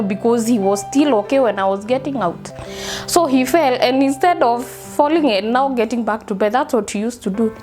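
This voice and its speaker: A young woman with a Kenyan accent telling a personal story in halting speech, slipping into Swahili phrases and repeating herself. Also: on the high side, a little mellow. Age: young adult. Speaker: interviewee. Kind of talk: personal testimony.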